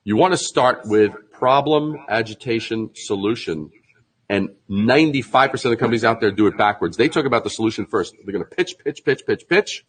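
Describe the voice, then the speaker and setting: A man being interviewed as a branding expert, explaining in an animated conversational way, acting out mock sales pitches and laughing often. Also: brisk, breathy edge, rough recording.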